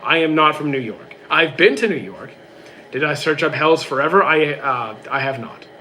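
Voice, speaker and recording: A young man streaming live, reading out chat questions and answering them in quick, casual bursts. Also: a little high, animated, sharp tone, a little hiss or hum. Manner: quick, reads questions aloud then answers briefly.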